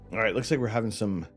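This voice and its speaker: Low-voiced chatty man with a numb tongue. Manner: rambling, chatty, sighs often. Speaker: livestream host. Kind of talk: casual live-stream chat. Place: home setup during night imaging.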